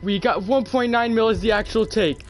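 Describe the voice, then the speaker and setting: A male game streamer talking through a headset mic with a slightly high voice. He chats casually while playing and tends to repeat short phrases several times in a row. Music plays faintly underneath. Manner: repeats himself quickly. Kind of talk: casual gameplay chat. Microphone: gaming headset.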